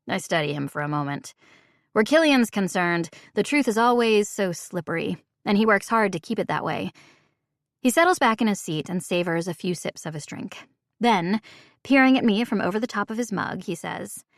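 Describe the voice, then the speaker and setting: Brief: woman audiobook narrator, mid-pitched, dry close studio sound. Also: animated, normal speed, dry recording. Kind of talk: first-person audiobook narration.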